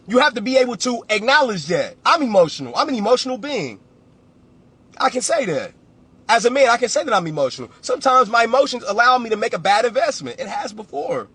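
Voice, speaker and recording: A man's voice: extremely high pitch, a bit bright, slightly rough, no room sound. A man, a real estate coach giving a blunt, preachy motivational talk on a livestream and repeating phrases for emphasis.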